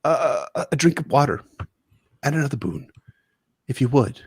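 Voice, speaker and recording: A man voicing a dying old male maester who speaks in halting, faltering bursts. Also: mid-range voice, lively intonation, a little mellow, slightly rough, voice pushed up. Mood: desperate.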